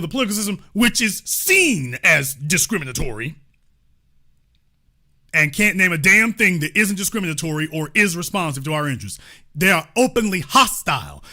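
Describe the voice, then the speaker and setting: A man's voice: high-pitched, sharp tone. A man hosting political commentary, talking in a sarcastic, indignant, heated way. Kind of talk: opinion commentary.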